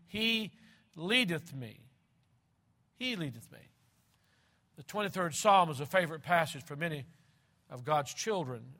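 Male preacher, sermon delivery; fairly high, bright and forceful tone, slow deliberate emphasis and repeated phrases. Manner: swings between loud and hushed.

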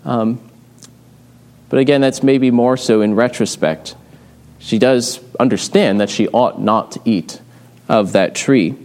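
A man delivering an expository sermon at a middle pitch. He explains the passage step by step in a measured way and often pauses on "uh" as he goes. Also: darkish tone. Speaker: preacher.

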